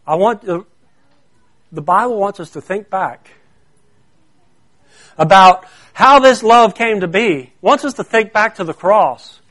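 A man's voice: high-pitched, lively intonation, a little slow, long pauses, fairly bright tone. A man preaching a sermon, explaining a Bible word in an earnest way that grows more intense when he stresses a point.

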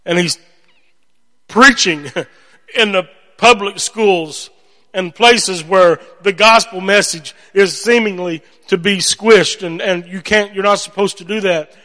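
A man's voice: high-pitched, slow. A man preaching a sermon, telling stories animatedly and acting out voices. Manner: animated storytelling, acts out voices. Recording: long hall reverb.

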